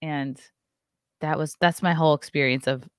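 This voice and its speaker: American lady podcast host, lowish voice, dry sound, playful and self-mocking. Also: normal speed, clean tone, no echo. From United States. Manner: playful, self-deprecating, lively questions. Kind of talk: casual chat.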